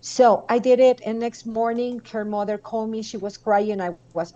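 A woman from Mexico with a Mexican Spanish accent, a guest telling emotional stories in a halting, heartfelt way with many fillers. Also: fairly high pitch, steady tone, mellow, muffled recording. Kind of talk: emotional storytelling.

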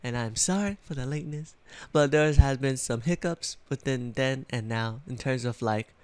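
A man's voice: medium pitch, normal speed, darkish tone, smooth, dry recording. Rambling young man with retainers. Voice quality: slightly muffled by retainers. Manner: rambling, filler-heavy, self-correcting. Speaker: vlogger. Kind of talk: casual vlog chat.

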